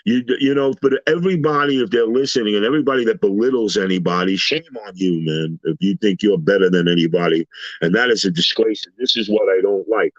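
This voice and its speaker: Animated man telling stories, dull lo-fi sound. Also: fairly low pitch, quick pace, no room sound. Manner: animated storyteller, acts out quoted voices. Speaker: panel guest. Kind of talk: casual storytelling chat.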